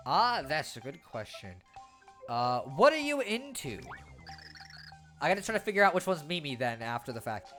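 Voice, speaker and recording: A woman's voice: deep voice, sing-song, moderate pace, fairly bright tone, soft background music. Profane, chatty young woman streamer. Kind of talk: casual gameplay commentary.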